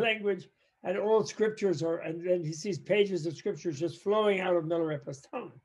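Gravelly man telling a story, animated. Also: sits high. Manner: animated, rambling, lots of "you know, like". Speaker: Buddhist teacher. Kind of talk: storytelling talk. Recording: dull lo-fi sound.

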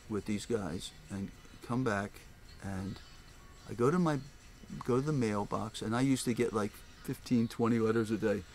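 An older man, a record store owner telling rambling stories in a casual interview, often acting out the voices of people he quotes. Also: medium pitch. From Philadelphia area, US. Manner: animated, rambling, acts out voices. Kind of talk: casual storytelling.

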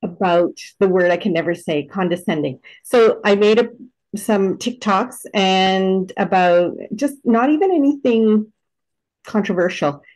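Female participant, mid-pitched, animated and self-mocking storyteller. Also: a little slow, poor audio. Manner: animated storyteller, laughs at herself. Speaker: discussion participant. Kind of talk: casual group conversation.

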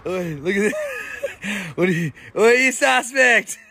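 Aussie guy vlogging a ride, swears a lot, high bright voice, slow. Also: wildly swooping pitch, slight background noise. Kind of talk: casual ride commentary.

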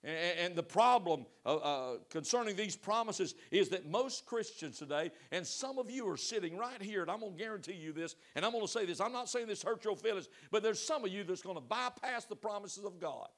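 Male pastor with a high-pitched voice, preaching in church; rises to loud exhortation, then drops to soft pleading. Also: animated, brisk, hardly any pauses. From United States. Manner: asks the congregation direct questions. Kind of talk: sermon. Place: church sanctuary.

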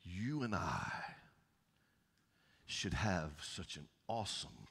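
Deep husky Southern pastor preaching. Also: male voice, very animated, slow pace. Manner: folksy, swings from loud calls to soft near-whispers. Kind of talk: sermon. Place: church sanctuary. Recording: long church reverb.

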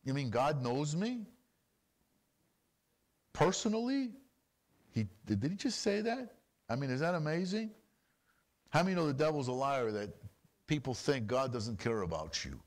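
A man preaching a sermon as pastor, animated and full of rapid rhetorical questions. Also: fairly high pitch.

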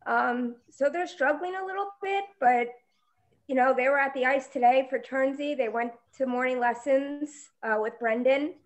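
A woman in her forties giving a heartfelt, halting tribute on a video call. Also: sits high, highs cut off. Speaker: hockey mom sharing a memory.

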